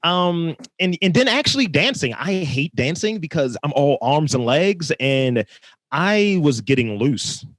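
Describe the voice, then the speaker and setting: A man's voice: on the high side, sing-song, unhurried, fairly bright tone, no room sound. A man guesting on a podcast, telling stories in a loose, joking, profane way. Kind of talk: casual chat.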